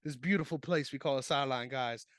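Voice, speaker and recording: A man co-hosting a casual sports podcast, animated and laughing, swearing freely. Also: medium pitch, fast, no room sound. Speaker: podcast co-host.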